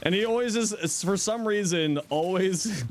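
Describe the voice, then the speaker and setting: A middle-aged man streaming from home, chatting loosely with his viewers and teasing them with easy laughs. His voice sits a bit higher than most men's. A faint hiss of room noise sits under it. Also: unhurried. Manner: playful, teasing, laughs often. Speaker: livestreamer. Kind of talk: casual livestream chat, answering chat.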